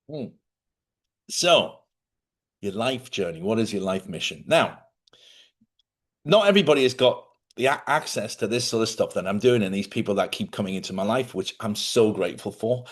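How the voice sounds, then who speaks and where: A man's voice: mid-range voice, big pitch swings, normal speed. A middle-aged man hosting a casual spiritual talk to viewers, chatty and rambling, correcting himself and laughing often. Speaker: host.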